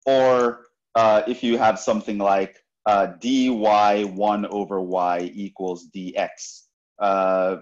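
Speaking slowly and flatly in a lowish voice, a man lectures on math at a university, captured in lo-fi sound. His explanations go step by step, with repeated points and frequent "right?" checks.

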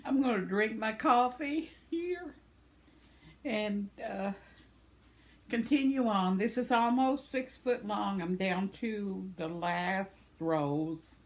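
Gravelly-voiced older woman, tearful and tender. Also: medium pitch, takes it slowly. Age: 70s. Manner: tearful, tender, with soft laughs. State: teary, on the verge of crying. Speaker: vlogger reading viewer comments. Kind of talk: casual chat to camera.

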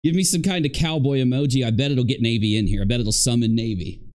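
A man live streaming commentary, lively and emphatic, who repeats himself for stress. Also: medium pitch, fast.

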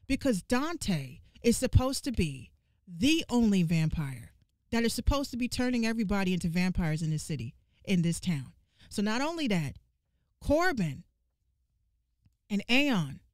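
A woman giving casual gaming commentary, ranting in an animated, profane and exasperated way and repeating lines for emphasis. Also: a little high, a little slow, pauses often, no room sound, studio quality.

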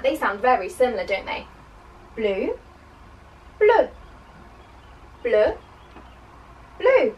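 A woman's voice: high voice, recorded from a distance, slight background noise, low-quality recording. A woman teaching a children's language lesson, encouraging and sing-song, with playful praise.

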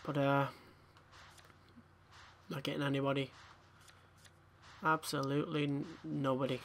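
A man's voice: medium pitch, flat delivery, measured pace, a bit bright, a little hiss or hum. A young man commentating a game pack opening, tired and swearing as he mutters to himself. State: tired, yawning. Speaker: gaming YouTuber.

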